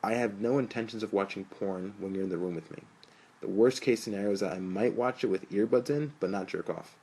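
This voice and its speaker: A man voicing a laid-back young male roommate who speaks deadpan. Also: on the low side, brisk, husky. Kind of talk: audiobook narration.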